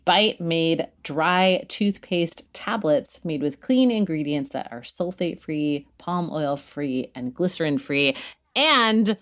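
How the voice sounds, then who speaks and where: Woman podcast co-host, low voice, lively pitch, casual ad read, jokey. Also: slow pace. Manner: chatty and joking, laughs often.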